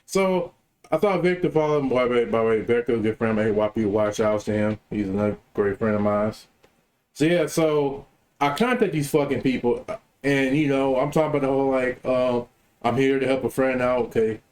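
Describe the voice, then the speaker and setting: A man's voice: medium pitch, fairly even intonation, brisk, a little mellow. A man calling in to tell a story in a casual, profane rant, repeating himself as he gets worked up. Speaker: caller telling a story.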